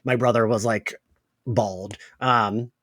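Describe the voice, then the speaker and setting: A man's voice: lowish voice, fairly even intonation, slow pace, a bit bright. A man co-hosting a podcast in casual chat, rambling with many hedging "likes". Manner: rambling, full of "like" and restarts. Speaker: podcast co-host.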